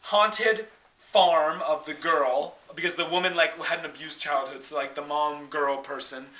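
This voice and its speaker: Bright, rambling man recapping a movie. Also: a little high, steady tone, measured pace. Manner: rambling, filler-heavy, laughs and acts out lines. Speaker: friend retelling a movie. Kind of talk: casual dramatic movie recap.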